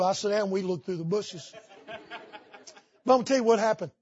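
Preacher guy in his 50s telling folksy stories in a sermon, highish husky voice, dry dull recording. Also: animated, brisk, pauses often, dry recording. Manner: folksy storytelling with Southern idioms. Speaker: pastor. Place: church sanctuary.

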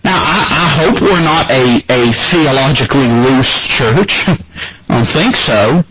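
A man preaching a sermon as pastor, emphatic and climbing higher in pitch to drive points home. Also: expressive, measured pace, a crowd in the background. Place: church sanctuary. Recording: muffled lo-fi church recording with congregation.

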